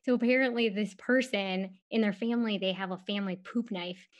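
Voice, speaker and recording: Woman podcast cohost, chatty and giggly, normal pitch, tells a story animated. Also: fairly quick. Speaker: podcast co-host. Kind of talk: casual chat.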